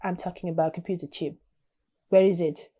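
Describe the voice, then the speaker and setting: A woman voicing a big, menacing Russian thug in a clumsy, halting put-on Russian accent while playing a text game. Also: on the low side, fairly even intonation, warm tone, slightly rough, voice pushed down. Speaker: game player voicing a character.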